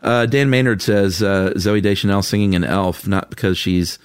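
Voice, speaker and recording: Deep-voiced man reading listener comments. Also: steady tone, normal speed, clean tone, no echo. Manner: laid-back, chuckling, frank opinions. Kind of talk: casual chat.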